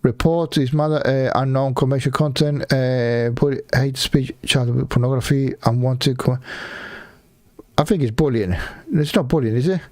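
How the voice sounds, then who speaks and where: In a reaction video, a man with a medium-pitched, darkish voice rants at normal speed. He swears heavily and mocks the speaker he's watching in this profane commentary.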